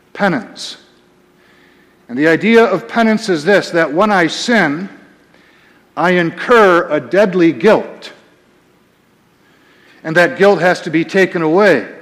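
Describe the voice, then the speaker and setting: A man delivers a sermon at a slow, deliberate pace, dropping low and quiet before rising to emphatic peaks. His voice sits a touch high for a man. The sound rings with the long reverb of a church sanctuary. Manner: emphatic preaching, swings between soft and loud. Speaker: pastor.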